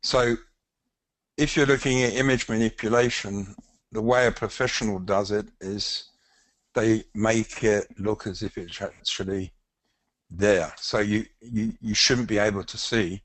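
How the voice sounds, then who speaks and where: An older man with a London accent, a professional photographer giving a casual, halting webinar demonstration with frequent fillers. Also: lowish voice, steady tone, fairly bright tone, no echo.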